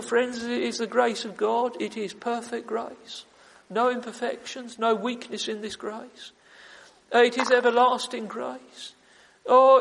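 Male preacher, very high gravelly voice, fervent and repetitive, reverberant church hall. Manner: fervent, repetitive, with emphatic "oh" exclamations. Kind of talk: sermon. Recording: long reverb of a large hall.

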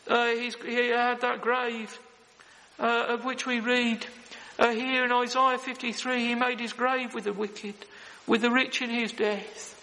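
A male preacher delivers a solemn, earnest sermon in a very high, bright voice that carries a lot of tension. His tone stays flat and even, and his words ring out with a long reverb in a large church hall. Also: measured pace.

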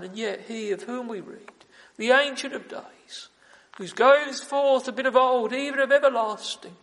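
A man's voice: very high voice, measured pace, gravelly, fairly bright tone. A man preaching a sermon with fervour, repeating key phrases and crying out "oh" for emphasis, recorded in a church. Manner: fervent, repetitive, with emphatic "oh" exclamations. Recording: long reverb of a large hall.

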